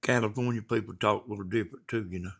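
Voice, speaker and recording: A man's voice: on the low side, fairly even intonation, rapid-fire, creaky, husky. A man from Georgia with a Southern accent, chatting casually on a livestream and reading out viewer comments in a folksy, rambling way. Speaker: livestream host.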